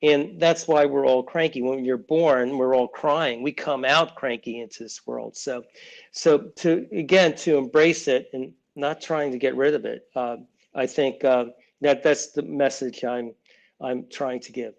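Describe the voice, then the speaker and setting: This guest, a sixty-something children's author, speaks unhurriedly in a steady, gravelly mid-range voice over poor audio. Chatting loosely in an interview, he wanders, restarts a lot, and slips into impressions of family members.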